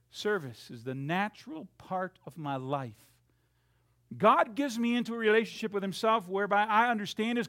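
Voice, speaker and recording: A male preacher with a high, lively voice that leaps up and drops low. He takes his time, swinging from loud calls to near whispers as he acts out quotes. Soft music plays behind him. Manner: dramatic swings from loud to hushed, acting out quotes. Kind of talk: sermon.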